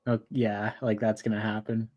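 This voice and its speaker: A man's voice: lowish voice, darkish tone, dull audio. A man co-hosting a casual sports podcast, joking around and rambling with fillers. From United States.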